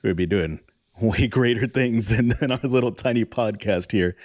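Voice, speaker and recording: Deep-voiced man leading a podcast chat. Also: moderate pace, a little mellow, no room sound, clean studio sound. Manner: easygoing, asks the others questions. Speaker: podcast host leading the discussion. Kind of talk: casual podcast discussion.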